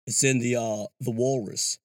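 This is a podcast host talking on his own in a small booth: a man with a medium pitch and fairly even intonation, moving at a moderate pace. The commentary is casual and rambling, full of "yo" and false starts. The studio-quality recording is dry, with clear background music.

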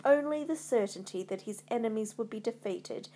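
A woman reading a retold classic tale aloud as a storyteller, in a measured storybook manner. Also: on the high side, expressive, mellow, slight background noise.

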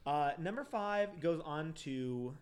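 A man co-hosting a podcast, reading an ad and chatting casually, animated, laughing often and swearing freely. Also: fairly high pitch, slow pace, a loud crowd. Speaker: podcast co-host. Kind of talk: casual podcast chat and read ad.

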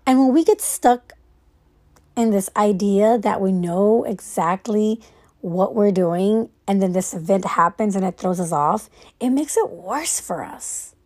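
A woman's voice: medium pitch, unhurried, a little mellow. A woman lying in bed at night, rambling casually through her own thoughts in a reflective monologue and swearing freely.

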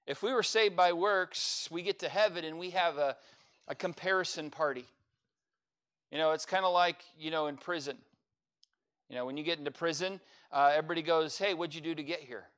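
Folksy preaching man, higher voice. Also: a little fast, a bit bright. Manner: folksy, humorous asides with playful mock voices. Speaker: pastor. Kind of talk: sermon.

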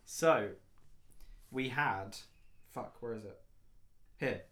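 A man's voice: medium pitch, extremely slow, a bit bright. A man hosting a podcast in casual chat, laid-back, swearing and saying "mate". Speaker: podcast host.

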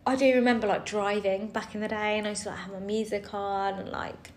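A woman's voice: mid-range voice, little pitch movement, brisk, darkish tone, slight background noise. A woman co-hosting a podcast, chatting casually, swearing and laughing often. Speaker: podcast co-host. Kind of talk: casual chat.

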